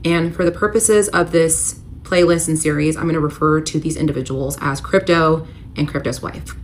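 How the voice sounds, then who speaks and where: Woman vlogger, lowish voice, candid emotional storytime, faint background noise. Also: steady tone, moderate pace. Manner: emotional, candid, uses filler "like" often. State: tearful at moments. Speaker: storyteller recounting her marriage. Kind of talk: confessional storytime vlog.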